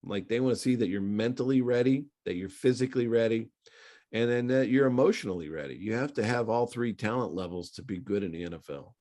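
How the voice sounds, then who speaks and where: A middle-aged man, a former pro quarterback, telling stories in a relaxed, conversational interview full of fillers. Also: medium pitch, a little fast. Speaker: former NFL quarterback, guest. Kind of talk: casual storytelling interview.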